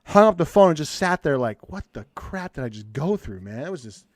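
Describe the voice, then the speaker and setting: A man's voice: a little high, a little fast. A man co-hosting a podcast, telling a story in casual chat and acting out the people he quotes. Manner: animated, acts out quoted voices. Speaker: podcast co-host, counselor.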